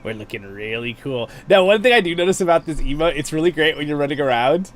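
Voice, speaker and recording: A man's voice: on the high side, lively intonation, fast, a bit bright. A man hosting a game livestream, chatting casually and playfully while he plays, often laughing. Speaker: game streamer and host. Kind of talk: casual gameplay commentary.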